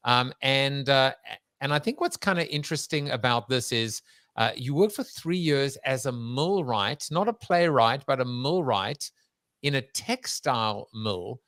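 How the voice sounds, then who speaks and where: A man's voice: mid-range voice, expressive, a little slow, a bit bright. A male podcast host in loose, joking conversation, wandering through his setups with lots of "uh" and "um" before landing the punchline. His voice sits in the middle range, recorded dry and close with almost no room echo. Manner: rambling, jokey, with fillers and restarts. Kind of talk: conversational interview.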